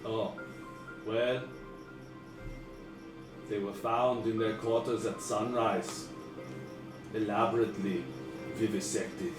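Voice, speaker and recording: A weeping old dwarf mage speaks slowly and formally in a thick German accent, as a man puts him on. The voice sits low and unhurried, heard in an echoey room with music in the background. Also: steady tone, far from the mic. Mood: grieving. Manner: grieving, halting, formal speech. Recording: echoey backyard or living room with music behind.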